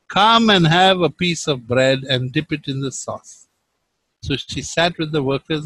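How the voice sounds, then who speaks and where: A man preaching a sermon, reading Bible verses and swinging from loud emphasis to hushed tones. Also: a little high, slightly rough, dry recording, poor audio.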